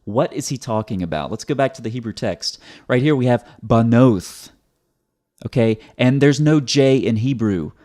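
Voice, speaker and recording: A man's voice: mid-range voice, lively intonation, moderate pace, dark tone. Sarcastic man explaining step by step. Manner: sarcastic, methodical, repeats words. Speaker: video commentator. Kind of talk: explanatory video commentary.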